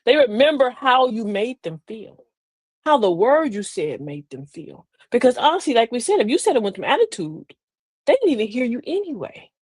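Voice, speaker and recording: A woman's voice: fairly high pitch, sing-song, normal speed, darkish tone, breathy edge, no room sound. A woman hosting a live online talk show in a folksy, preachy way, calling her listeners beloved and laughing often. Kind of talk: live-stream talk with viewer shout-outs.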